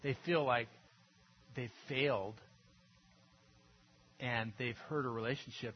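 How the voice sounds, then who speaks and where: A man preaching a sermon in an earnest, conversational way, dropping to a hush and then rising to emphatic peaks. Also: medium pitch, a little slow, pauses often, dull audio, slight background noise. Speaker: pastor.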